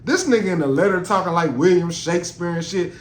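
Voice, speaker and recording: A man's voice: high voice, fast. A man hosting a podcast, talking in a casual, rambling and profane monologue in a roomy recording. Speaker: podcast host. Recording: roomy with faint noise.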